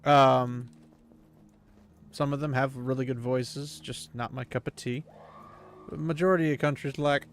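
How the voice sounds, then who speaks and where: A man's voice: medium pitch, fairly even intonation, unhurried, long pauses, slight background noise. A man streaming a video game, chatting casually and rambling with plenty of fillers. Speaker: gaming streamer. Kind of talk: casual chat while playing a video game.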